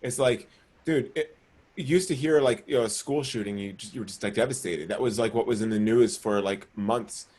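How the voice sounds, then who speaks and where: A young man co-hosting a podcast in casual chat, animated and swearing, acting out quoted voices. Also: lowish voice, brisk, breathy edge. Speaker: podcast co-host.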